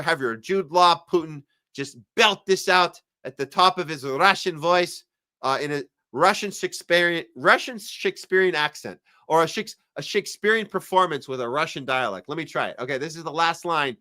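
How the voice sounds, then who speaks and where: Man, live podcast host, sarcastic casual chat, crisp smooth tone, bright and forceful. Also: fairly high pitch, no echo, clean studio sound. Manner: sarcastic, chatty commentary. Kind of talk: casual live-stream chat reading viewer comments.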